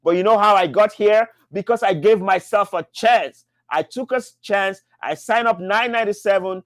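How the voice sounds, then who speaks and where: A man hosting a live business-mentoring show, answering questions with an emphatic, repetitive motivational sales pitch. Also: no room sound, clean studio sound.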